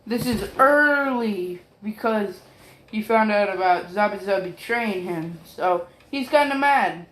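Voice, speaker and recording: A man's voice: high voice, animated, slow pace, fairly bright tone, roomy sound. A man narrating a fan story in a rambling, casual way, swearing often and filling gaps with ums and apologies. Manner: rambling, profane, full of fillers and apologies.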